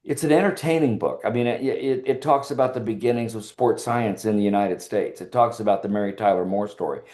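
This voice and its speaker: Older man, podcast guest, mellow voice, lively storyteller, casual interview. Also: lowish voice, a little fast. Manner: animated storyteller who acts out quoted dialogue.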